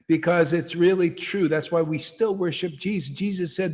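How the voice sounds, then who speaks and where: A man's voice: high voice, normal speed, few pauses. Fiery blunt male preacher in a reverberant hall. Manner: blunt, fiery, slangy, often says "man". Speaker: spiritual teacher leading satsang. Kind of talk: impassioned devotional sermon.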